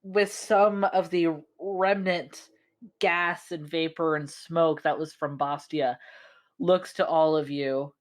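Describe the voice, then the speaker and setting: Low-pitched woman DM, slow halting narration, casual tabletop session. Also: steady tone. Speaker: dungeon master.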